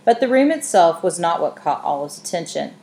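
A woman narrating an audiobook in a measured, expressive reading. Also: fairly low pitch.

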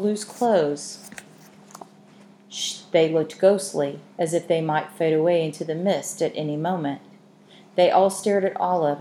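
A woman reading a story aloud in measured scripted narration, in an echoey room with faint hiss. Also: low-pitched, dark tone. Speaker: audiobook narrator.

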